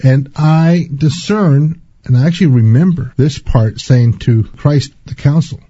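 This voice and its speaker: Deep husky-voiced man, earnest and slow. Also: dark tone, no room sound, lo-fi sound. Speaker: spiritual speaker. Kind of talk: personal spiritual testimony.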